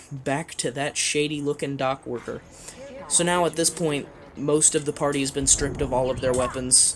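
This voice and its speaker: Male storyteller, mid-pitched, rambling and chuckling, faint noise behind. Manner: rambling, with frequent fillers and chuckles. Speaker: player recounting a game. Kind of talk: casual storytelling.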